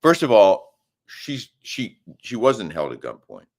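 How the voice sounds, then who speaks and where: A man's voice: on the low side, unhurried. A middle-aged man co-hosting a live show from a hotel room, chatting casually, reading viewer comments and arguing his points with emphatic bursts. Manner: animated, emphatic, argumentative bursts. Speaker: co-host of a live daily show.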